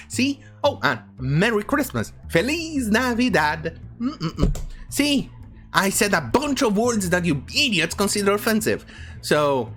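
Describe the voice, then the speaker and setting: A woman's voice: mid-range voice, very animated, measured pace, faint music behind. A woman giving ranting news commentary, sarcastic and profane, who mocks words by repeating them. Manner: sarcastic and profane, with mocking repetition. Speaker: online commentator.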